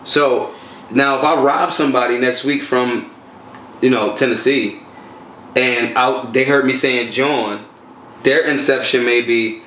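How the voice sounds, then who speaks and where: A man talks in loose, slangy, animated stories, his mid-pitched voice bouncing around a reverberant room. A soft hum of ambience sits underneath. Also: a little slow. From Philadelphia. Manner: animated, streetwise storytelling with slang. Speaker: guest, gun rights activist. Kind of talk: casual conversational interview.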